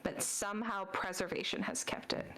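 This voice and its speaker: A woman's voice: mid-range voice, fairly even intonation, moderate pace, fairly bright tone, poor audio. A woman narrating as game master in a loose, casual way with lots of fillers.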